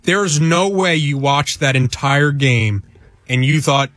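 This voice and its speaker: A slightly higher-voiced man on a sports talk show, choosing his words carefully and hedging his opinions. His voice sounds dry and close to the mic. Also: slow pace, a bit bright, no echo. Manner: careful, hedging, reads out quotes. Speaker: sports radio co-host.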